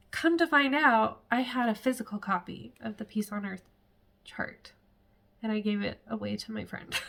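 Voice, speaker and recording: A woman's voice: medium pitch, fairly bright tone. A woman chatting casually to camera at home as a cross-stitch vlogger, rambling with frequent laughs and asides.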